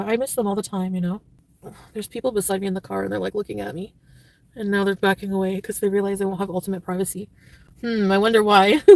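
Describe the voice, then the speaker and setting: A woman streamer talking casually to her chat, rambling and leaning on "like" in nearly every sentence. She gets blunt and swears freely. Her voice is a middling pitch, picked up dry and a little away from the mic. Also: creaky, no echo, far from the mic. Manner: rambling, filler-heavy with constant "like"; blunt and profane when annoyed. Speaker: livestreamer reading chat.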